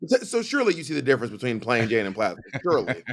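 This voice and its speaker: A man's voice: mid-range voice, racing. A man co-hosting a casual chat, talking with opinion and quoting others in voices. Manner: opinionated, animated storytelling with quoted voices. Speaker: podcast co-host.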